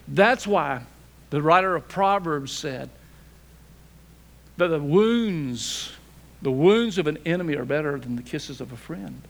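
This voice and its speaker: An older man, a pastor, preaching a sermon in a folksy, humorous way, sometimes dropping to a hushed near-whisper for emphasis. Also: high-pitched.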